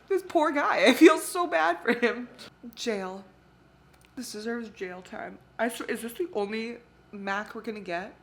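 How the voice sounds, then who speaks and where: A young woman reacting to the book she is reading, bright and a touch high in pitch. She swings between shock, outrage and heartbreak, swearing freely and gasping or laughing as she goes. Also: a little slow. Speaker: book vlogger.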